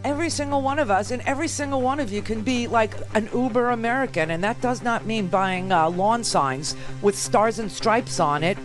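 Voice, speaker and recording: A woman's voice: a little high, moderate pace, hardly any pauses, music in the background. Sarcastic woman talk radio host. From New York. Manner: animated, sarcastic, rambling asides. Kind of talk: political talk radio commentary.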